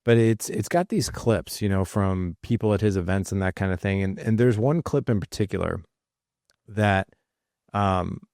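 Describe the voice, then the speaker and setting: A man's voice: low voice, normal speed, a little mellow, no room sound, clean studio sound. A man in his late forties hosting a podcast, telling a personal story in a casual, rambling way with fillers and restarts. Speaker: podcast host.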